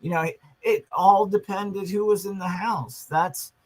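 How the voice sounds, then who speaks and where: A man calmly explaining true-crime facts in a casual chat, with many ums and you-knows. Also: high-pitched, measured pace, rough recording. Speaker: podcast co-host.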